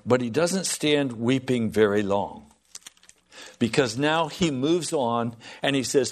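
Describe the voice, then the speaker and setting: A man preaching a sermon to a congregation, swinging from loud pleading to soft, hushed lines. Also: medium pitch, slow.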